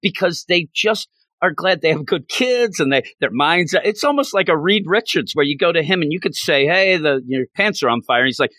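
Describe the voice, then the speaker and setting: A man co-hosting a casual podcast talks a little fast in a slightly high voice, enthusiastically retelling comic scenes. He brings animation to it by acting out the characters' lines, and the recording is dry.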